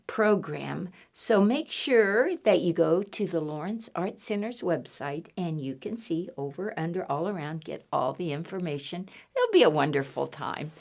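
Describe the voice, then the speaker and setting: A woman hosting a library storytime for young children, reading aloud in an animated, sing-song way, spelling out words and making animal sounds. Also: on the low side.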